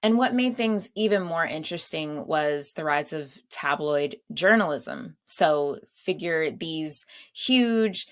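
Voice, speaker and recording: A woman's voice: low-pitched, lively intonation, slow, hardly any pauses. A woman hosting her own show, chatting casually and laughing at her own asides. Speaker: podcast host. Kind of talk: casual solo chat.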